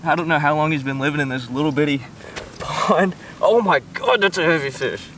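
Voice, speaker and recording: A man vlogging outdoors by a small pond, shaky and keyed up, full of excited exclamations and coaxing the fish he's landing. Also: a little high, fairly quick, far from the mic, slight background noise, poor audio. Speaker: fishing vlogger. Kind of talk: excited outdoor vlog commentary. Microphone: camera set up nearby.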